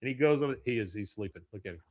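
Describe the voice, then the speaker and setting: A man hosting a podcast, casually recapping an episode in an animated way and often chuckling. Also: medium pitch, rapid-fire, no echo. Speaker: podcast host.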